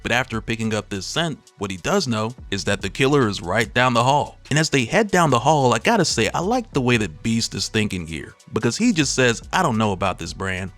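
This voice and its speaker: A man hosting a casual comic book recap, chatty and quick to laugh at his own asides. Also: medium pitch, big pitch swings, a bit bright, faint music behind.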